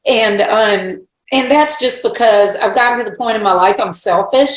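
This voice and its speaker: A woman's voice: medium pitch, normal speed. A woman guest on a podcast, talking frankly and agreeably in a casual interview. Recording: echoey room.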